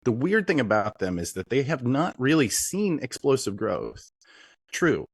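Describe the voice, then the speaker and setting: A man's voice: medium pitch, sing-song, a little slow, breathy edge, dry recording. A man guesting on an interview show, eagerly explaining his field and thinking aloud as he goes. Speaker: interview guest, industry consultant. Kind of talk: casual interview.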